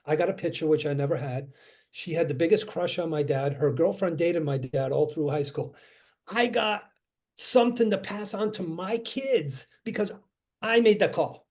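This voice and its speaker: A middle-aged man, a real estate coach, giving an energetic motivational talk on a video call and acting out phone calls as he tells stories. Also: fairly high pitch, normal speed.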